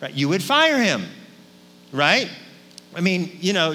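A man preaching a sermon as pastor, speaking conversationally and often checking in with his listeners with a quick "right?". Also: high voice, big pitch swings, bright, forceful tone. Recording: long hall reverb, faint hum.

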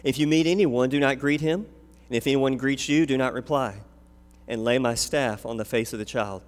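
A man's voice: medium pitch, moderate pace, lightly acted. A man reading as an old commanding prophet. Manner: firm, declaiming read-aloud commands. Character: elderly male prophet, commanding and calm. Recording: long hall reverb.

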